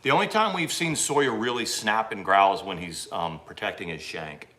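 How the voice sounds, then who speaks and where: A man's voice: lowish voice, normal speed, fairly bright tone. A man chatting casually as co-host of a home livestream, laid-back and joking. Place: at home in a house. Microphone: phone.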